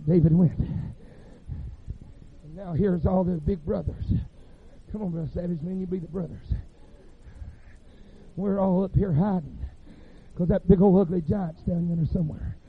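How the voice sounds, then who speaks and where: Southern man, revival preacher, very high voice, fervent, amens throughout, dull lo-fi recording. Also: fairly even intonation, unhurried, long pauses, husky. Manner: fervent, punctuated with constant amens. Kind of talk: revival sermon. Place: church service.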